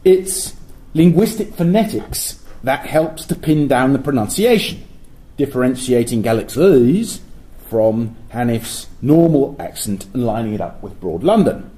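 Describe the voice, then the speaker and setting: A middle-aged man giving an academic lecture at a university, explaining in a measured way and sometimes correcting himself mid-sentence. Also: medium pitch, animated, dark tone, low-quality recording. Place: lecture hall.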